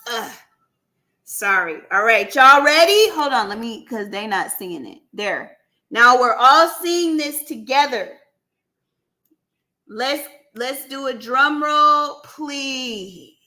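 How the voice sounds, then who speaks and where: A woman hosting a live stream in a casual, chatty way. She keeps talking to her viewers as y'all and breaks into excited shouts and laughs. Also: sits high, slow. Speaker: livestream host running a giveaway. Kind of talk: casual livestream chat with viewers. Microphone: computer mic on a live stream.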